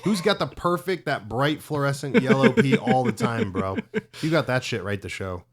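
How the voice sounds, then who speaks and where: A man's voice: on the high side, big pitch swings, moderate pace, a crowd in the background. A man co-hosting a casual podcast, teasing and joking with the others. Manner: wisecracking, teasing. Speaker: podcast co-host. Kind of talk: casual chat.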